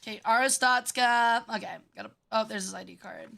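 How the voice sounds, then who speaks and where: A woman streaming a game with casual commentary. She sounds bratty, swears freely and reacts fast. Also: a little high, vocal fry, pushed and bright.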